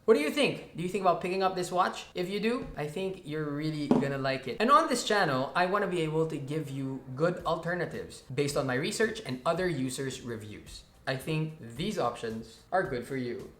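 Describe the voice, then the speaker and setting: A man's voice: on the high side, animated, brisk, few pauses, a bit bright. Playful chatty man in an echoey room. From Philippines. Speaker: tech reviewer, channel host. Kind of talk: casual tech review to camera.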